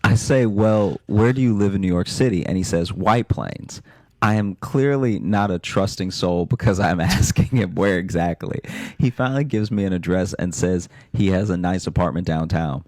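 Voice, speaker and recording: A man's voice: low voice, moderate pace, a little mellow, dry recording. A man reading listener stories aloud on a comedy podcast, dry with bursts of laughter. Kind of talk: comic podcast chat.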